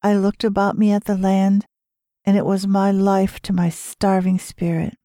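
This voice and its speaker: Measured woman narrating a storybook. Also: medium pitch, flat delivery, mellow, dry recording, studio quality. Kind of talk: audiobook narration.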